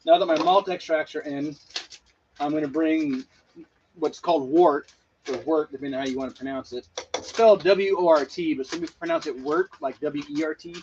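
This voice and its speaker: Gravelly-voiced man explaining his brewing plainly, on a dull lo-fi recording with faint hiss. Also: a little high, fairly quick, darkish tone. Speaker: homebrewer. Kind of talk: casual explaining while brewing. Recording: dull lo-fi sound with faint noise.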